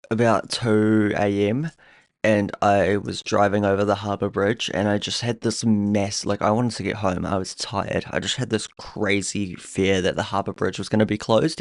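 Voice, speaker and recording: A man with a lowish voice chats casually as a podcast co-host and delivers sarcastic jokes with a straight face. The recording is close and dry, with no room sound. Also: little pitch movement, moderate pace, dry recording. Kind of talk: casual chat.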